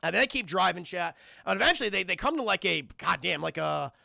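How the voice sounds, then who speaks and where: A male streamer with a high, bright voice and a gravelly edge. He rambles through a film recap, swearing often and talking to his chat with a very lively pitch. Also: brisk, no room sound, studio quality. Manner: profane, rambling, addresses chat constantly.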